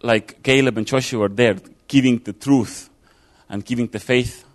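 A man's voice: medium pitch, fairly even intonation, normal speed. A man giving an informal sermon, talking it through casually with fillers and restarts. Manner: conversational, thinking aloud with fillers and restarts. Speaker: preacher.

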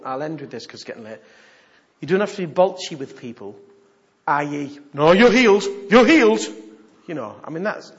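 A man preaching a sermon, animated and humorous, moving from hushed asides to loud exhortation. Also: fairly high pitch, lo-fi sound.

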